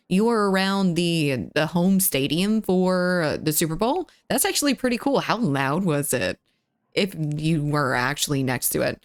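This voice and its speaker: A young adult woman casually chatting on a live stream, greeting viewers and reading chat, her voice a little rough. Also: lowish voice, no room sound, clean studio sound. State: slightly rough voice.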